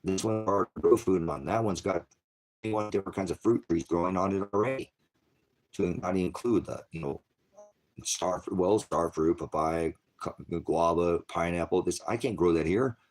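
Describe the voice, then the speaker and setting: A man's voice: deep voice, normal speed, a little mellow. An American man hosting a casual livestream chat. He talks in a loose, rambling way, with many fillers and restarts. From United States. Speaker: channel host.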